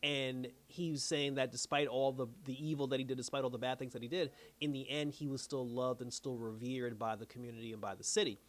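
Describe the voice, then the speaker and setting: A man's voice: medium pitch, flat delivery, fairly quick, hardly any pauses. A man giving a casual, slangy recap of a TV episode, telling the story loosely with lots of fillers. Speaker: show reviewer.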